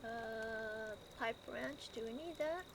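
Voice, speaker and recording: A woman streaming a game live, chatting with her viewers, excitable and laughing often as she plays. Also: on the high side, takes it slowly, background noise. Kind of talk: live gameplay commentary.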